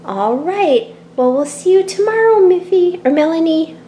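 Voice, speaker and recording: A woman voicing a calm, kindly father bunny in a toy play-acting video, gentle and measured. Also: extremely high pitch, slight background noise, voice pushed up.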